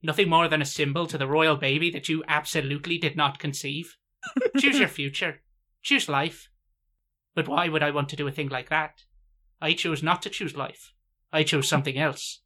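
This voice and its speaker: A man's voice: a little high, normal speed, sharp tone. A man delivering a sweary comic parody monologue in a rhythmic, listing cadence.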